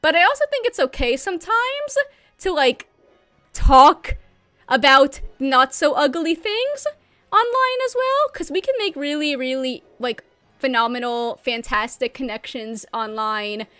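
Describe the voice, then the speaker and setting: A woman's voice: sits high, animated, measured pace, pushed and bright, soft background music. A young adult woman chatting casually and bubbly while livestreaming a game from home, laughing often.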